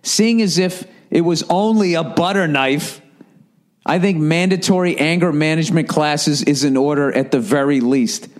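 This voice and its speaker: A man's voice: fairly high pitch, normal speed. A man hosting a solo comedy podcast, reading listener emails aloud and arguing back at them with heavy swearing and sarcasm. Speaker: podcast host.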